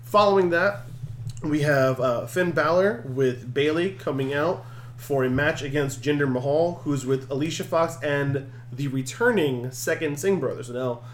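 A man hosting a podcast, recapping events in a casual, animated and jokey way. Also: on the high side, moderate pace, slight background noise. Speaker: podcast host. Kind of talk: casual wrestling recap chat.

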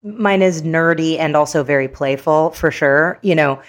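Woman, low voice, author guest, reflective, playful, casual filler-heavy talk. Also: steady tone, normal speed.

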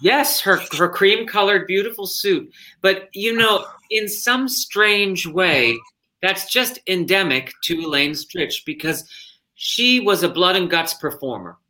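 Male stage actor, interview guest, bright tone, animated storytelling, self-interrupting. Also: high voice, unhurried.

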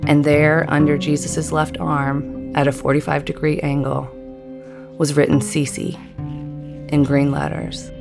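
A middle-aged woman narrating a personal story in a measured, deliberate way. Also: low voice, monotone, gravelly. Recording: guitar music underneath.

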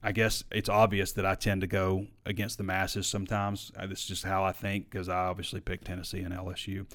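A man's voice: low-pitched, monotone, a little fast, fairly bright tone. A man hosting a live sports talk show, chatting casually and opinionated, reading viewer comments and arguing back. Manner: opinionated, conversational, frequent fillers.

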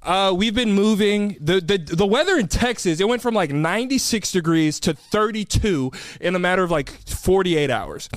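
A man's voice: sits high, animated, normal speed, hardly any pauses, dry recording. A young man co-hosting a podcast, chatting casually and teasing his co-host in the studio. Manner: playful, teasing.

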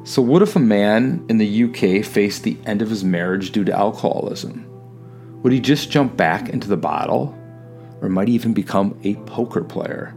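A man hosting and narrating a scripted introduction in a measured way, citing study statistics. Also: lowish voice, vocal fry, a little mellow, soft background music. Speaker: host.

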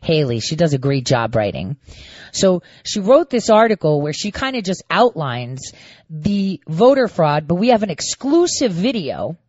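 A woman's voice: fairly low pitch, no echo, lo-fi sound. Indignant woman hosting an online show. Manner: mocking, indignant, addresses viewers directly. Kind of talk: combative political commentary.

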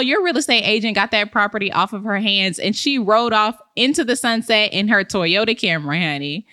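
A woman's voice: on the high side, bright, forceful tone, no echo, clean studio sound. Sassy playful woman podcast host. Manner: sassy, playful, laughs at own jokes. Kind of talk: comedic advice podcast.

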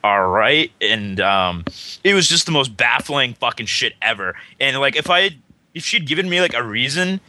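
Man, podcast co-host, casual chat, rambling and profane, very bright voice, dry close mic. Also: mid-range voice, lively intonation, normal speed, no echo. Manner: rambling, profane storytelling, acting out both sides of texts and calls.

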